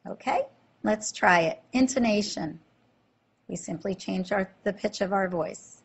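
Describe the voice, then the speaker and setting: Breathy woman teaching a lesson. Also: mid-range voice, highs cut off. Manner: slow, clear explanations with quizzing questions. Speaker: French teacher. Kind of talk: slide-based language lesson.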